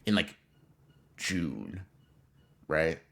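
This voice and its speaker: A young man co-hosting a podcast, telling an animated, profane story in casual slang. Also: a bass voice, very slow, gravelly. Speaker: podcast co-host.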